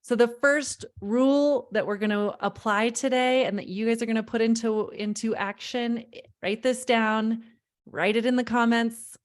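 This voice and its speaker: A woman's voice: fairly high pitch, steady tone, normal speed. Emphatic woman parenting coach. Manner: emphatic, repeats key phrases, addresses audience directly. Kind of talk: live online parenting workshop.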